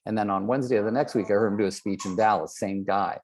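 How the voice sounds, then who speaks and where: An older man gives a motivational talk to real estate agents. His voice sits a little low, and he tells long stories from his career, slipping into the voices of the people in them. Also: steady tone, fast, darkish tone, slight background noise. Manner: storytelling, acts out quoted people.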